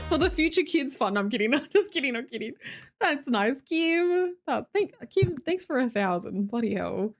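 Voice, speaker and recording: A woman's voice: fairly high pitch, lively intonation, normal speed, soft background music. Blunt, sweary Australian woman streamer. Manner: blunt, sweary, laughs often. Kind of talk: casual chat with viewers.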